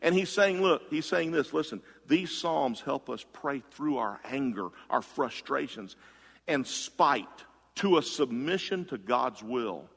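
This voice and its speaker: A male pastor delivers a sermon in a conversational way, with quick asides to the congregation. His voice has a rough, gravelly texture, and it swings between loud bursts and low, quiet passages. A long reverb trails each phrase in the big room. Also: big pitch swings.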